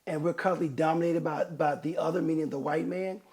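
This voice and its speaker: Gravelly high-voiced man giving blunt advice. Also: brisk. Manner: animated storyteller, acts out quotes, laughs often. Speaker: podcast host, relationship counselor. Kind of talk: candid conversational advice.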